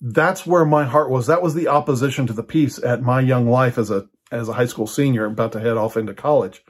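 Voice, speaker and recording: A man's voice: mid-range voice, a little fast. Older male preacher, casual storytelling delivery, loose and full of fillers. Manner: conversational, storytelling with many fillers and restarts. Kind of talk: personal teaching talk.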